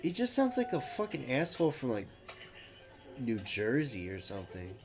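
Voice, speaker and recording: A man's voice: medium pitch, wildly swooping pitch, moderate pace. Blunt, swearing man mocking a movie. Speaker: podcast co-host. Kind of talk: casual movie-review chat. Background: movie soundtrack and music.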